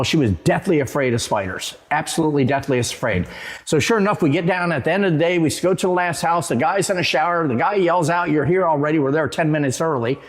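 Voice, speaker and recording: A man, a real estate agent and guest, telling stories in a rambling way with halting restarts, from Florida. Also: on the high side. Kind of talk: casual storytelling.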